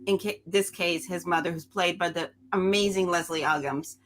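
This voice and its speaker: A woman's voice: fairly low pitch, normal speed. A woman film critic in a casual podcast roundtable, telling stories animatedly, laughing often and acting out the people she quotes. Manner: animated storytelling, acts out quoted characters.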